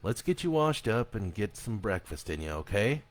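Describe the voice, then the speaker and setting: A man voicing a father who calmly reassures his frightened son after a nightmare. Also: lowish voice, normal speed. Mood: soothing. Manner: soft, hushing, reassuring. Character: calm, soothing father comforting his son.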